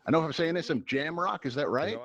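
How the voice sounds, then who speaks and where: A man's voice: on the high side, animated, fast, fairly bright tone, lo-fi sound. A man hosting a live virtual reality game show, teasing and bantering playfully with contestants. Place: virtual reality social event.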